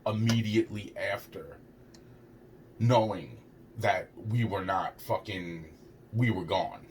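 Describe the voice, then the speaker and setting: A young man with a lowish voice rambles through a personal story, tripping over his words, saying "it's like" again and again, and cursing plenty. There's a faint hiss or hum on the recording.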